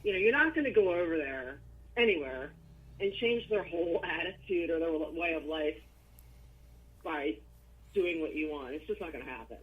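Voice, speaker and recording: A woman's voice: low voice, animated, moderate pace, slightly rough, phone-quality sound. A woman guest in a casual interview chat, speaking bluntly and with profanity over a video call. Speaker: wrestling guest.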